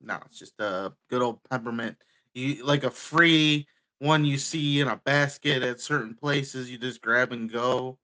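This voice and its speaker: A man's voice: mid-range voice, measured pace, bright, forceful tone. A man co-hosting a podcast in casual, joking chat. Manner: joking, chewing on a candy while talking. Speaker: podcast co-host.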